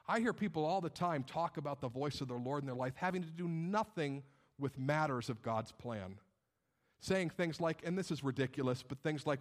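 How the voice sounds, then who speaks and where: A man preaching from the pulpit with a high, bright-sounding voice. He moves between quiet, intimate lines and lifted, emphatic questions, slipping into mocking voices of skeptics. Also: lively intonation, moderate pace. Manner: dynamic preaching, acts out doubters' voices. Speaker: pastor. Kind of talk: sermon.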